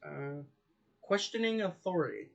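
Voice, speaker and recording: A man's voice: high-pitched, lively intonation, a little slow, vocal fry, a bit bright, dull audio. A man co-hosting a casual podcast, teasing his friend playfully. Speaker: podcast co-host. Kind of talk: casual chat.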